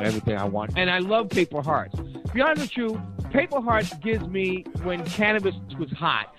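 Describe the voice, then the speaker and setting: Give me a chatty, friendly male radio host with a slightly raised voice, interviewing a rapper and praising his songs. Music plays clearly behind him in the studio. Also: high-pitched. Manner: friendly, chatty, complimentary questioner.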